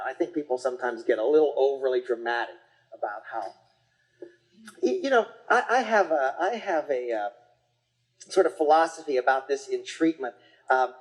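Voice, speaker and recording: An acupuncture teacher giving a casual, rambling lecture, with frequent restarts and fillers and quick acted-out quotes of patients and parents. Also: medium pitch, darkish tone, poor audio.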